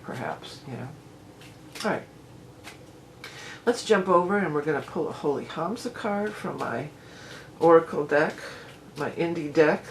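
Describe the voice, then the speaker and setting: A woman reading tarot cards to camera in a casual, rambling way. She often restarts her sentences and reads card verses aloud slowly. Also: extremely low pitch, a little hiss or hum, poor audio. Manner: chatty and rambling, with frequent restarts and "you know".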